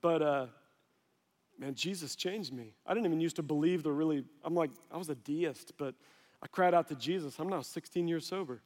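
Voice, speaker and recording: A high-pitched male pastor in his forties tells stories from the pulpit and slips into the voices of the people in them. The sermon carries a long reverb, as if from a large sanctuary. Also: moderate pace, darkish tone. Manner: storytelling, conversational, acts out dialogue.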